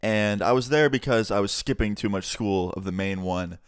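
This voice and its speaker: A young man chats through a storytime in a relaxed, conversational way, acting out each side of the dialogue. His voice sits on the low side and comes across smooth and clear, recorded close and dry with no room sound. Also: moderate pace, no echo. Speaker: YouTuber. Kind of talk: storytime narration.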